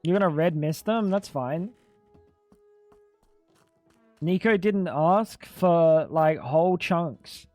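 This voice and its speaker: A man with a rather high voice chats loosely while he plays a game on stream, cursing and tossing in "dude" every few lines. He sits close to his desk mic in a dry room with faint music underneath. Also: slow, a little mellow, no echo. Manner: chatty, swears a lot, keeps saying "dude". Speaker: gaming streamer. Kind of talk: casual live-stream game commentary.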